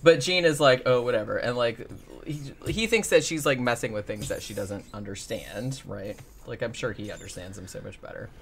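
A man's voice: medium pitch, fairly quick, gravelly, fairly bright tone. A man hosting a casual chat, rambling and sarcastic, swearing freely as he recaps. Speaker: podcast host.

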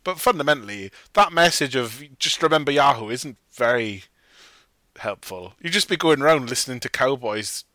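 A man's voice: mid-range voice, animated, moderate pace, sharp tone, dry recording. A man co-hosting a podcast, chatting casually about a film in a jokey, rambling way and acting out quotes. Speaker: podcast co-host.

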